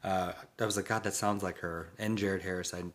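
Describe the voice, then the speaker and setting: A man with a lowish voice co-hosts a casual film discussion. He chimes in with cast names and quick side comments. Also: fairly even intonation, fairly bright tone. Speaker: co-host. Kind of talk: casual chat.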